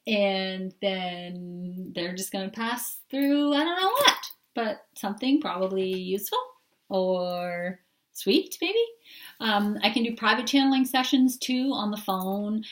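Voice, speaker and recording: A woman channeler giving a casual, hesitant introduction with many fillers. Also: mid-range voice. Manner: hesitant, loose, with many "um"s and "sort of"s.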